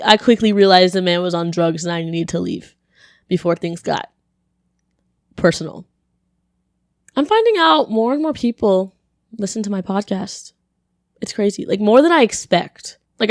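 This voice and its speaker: A young woman hosting a podcast and telling funny stories in a casual, animated way, laughing often and filling her talk with "like". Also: mid-range voice, no room sound, clean studio sound. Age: young adult. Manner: animated, laughing, full of "like" fillers. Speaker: podcast host.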